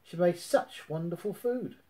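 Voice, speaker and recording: Guy doing a sensible kind little boy, mellow tone. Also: high-pitched, a little slow, pitched above the performer's own voice.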